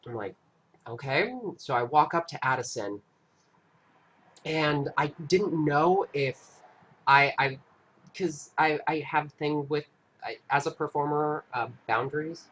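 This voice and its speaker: Bright-voiced man telling a story. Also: fairly high pitch, dull audio, slight background noise. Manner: earnest, halting recounting with frequent restarts. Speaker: live stream host. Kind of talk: casual storytelling.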